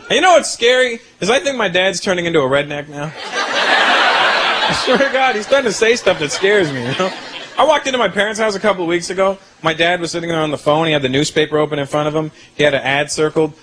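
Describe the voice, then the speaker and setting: Animated high-voiced man doing stand-up. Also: fairly quick. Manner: animated, punchline-driven, conversational. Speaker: stand-up comedian. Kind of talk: stand-up comedy routine. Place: comedy stage before a live audience. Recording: live show, loud audience laughter and noise.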